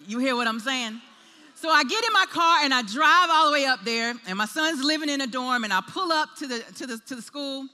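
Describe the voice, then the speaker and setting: Animated woman preaching in an echoey hall. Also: high-pitched, fairly quick. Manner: animated storytelling, acts out voices in quotes. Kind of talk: sermon with personal story.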